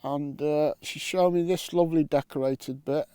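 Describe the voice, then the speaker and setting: A man's voice: on the high side, fairly even intonation, moderate pace, mellow, smooth, no room sound. A man filming his metal detecting vlog outdoors on a windy island, joking, bantering and swearing as he goes. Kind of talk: casual vlog commentary. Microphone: camera mic with wind muff.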